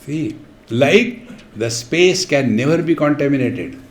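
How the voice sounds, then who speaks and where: A man's voice: a little high, lively intonation, a little slow. A man giving a spiritual discourse, chanting verses and explaining them with playful stories and acted voices. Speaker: spiritual teacher. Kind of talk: spiritual discourse with humorous anecdotes. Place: retreat hall. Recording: echoey hall.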